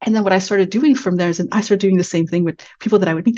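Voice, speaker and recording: A woman from Canada, a guest in an interview, tells stories from her career in a lively way and acts out the dialogue she quotes. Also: medium pitch, fast talker, highs cut off. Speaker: guest, HR executive. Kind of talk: interview storytelling.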